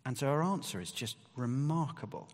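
A man's voice: mid-range voice, lively intonation, fairly quick, darkish tone. Man preaching in a reverberant hall. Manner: conversational, emphatic, with rising bursts of stress. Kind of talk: sermon.

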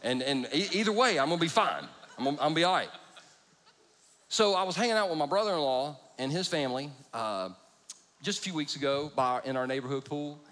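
A man's voice: on the high side, lively intonation, a little fast, a bit bright. A middle-aged man preaching a sermon, telling stories with self-deprecating humor. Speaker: pastor. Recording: long reverb of a large hall.

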